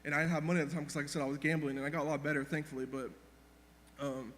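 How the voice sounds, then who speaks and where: Young man, grieving, rushed and halting eulogy, echoey hall. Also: on the high side, level tone, a bit bright. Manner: rambling, halting, with many restarts and fillers. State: emotional, grieving. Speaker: grandson giving a eulogy. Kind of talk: unscripted memorial speech. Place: church hall. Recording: reverberant hall, faint background hum.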